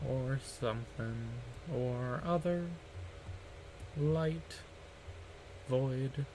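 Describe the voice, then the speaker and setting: Solo male streamer, mid-pitched, unhurried, rambling and goofy, desk mic, faint room hum. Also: darkish tone. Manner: rambling, playful, hums and makes silly noises while working. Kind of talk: casual solo stream chatter.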